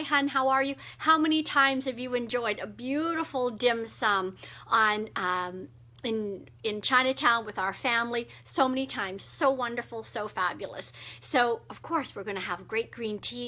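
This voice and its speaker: A middle-aged woman hosting a casual live wellness video, talking gently with many fillers. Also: a little high. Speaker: wellness host.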